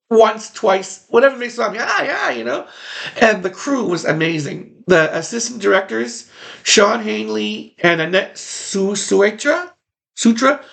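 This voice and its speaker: Gravelly-voiced man reminiscing. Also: high-pitched, fairly bright tone. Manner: rambling, repeats phrases for emphasis. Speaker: former background extra. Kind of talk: casual personal reminiscence.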